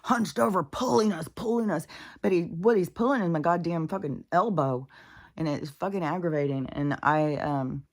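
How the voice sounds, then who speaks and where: Low-voiced woman rambling with heavy swearing. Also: moderate pace, a little mellow. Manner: profane, candid, rambling, with sudden whispered asides. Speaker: vlogger. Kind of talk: casual rambling monologue.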